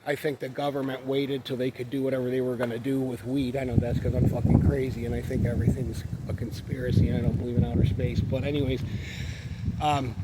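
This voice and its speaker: A man, rambling casually through childhood stories, swearing freely as he walks his dog outdoors. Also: mid-range voice. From Western New York. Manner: profane, meandering, laid-back. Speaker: vlogger. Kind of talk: rambling personal storytelling. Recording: traffic noise behind.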